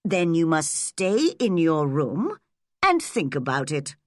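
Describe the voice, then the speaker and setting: A woman's voice: low voice, sing-song, no room sound, studio quality, exaggerated voice. Woman doing a stern but kind farm woman. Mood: firm. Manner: firm, measured.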